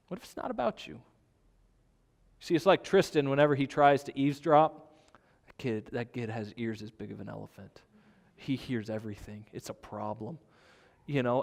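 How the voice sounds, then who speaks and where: In a reverberant hall, a pastor delivers a sermon in a conversational style, asking rhetorical questions. His voice is on the high side, with lively intonation and a normal speed.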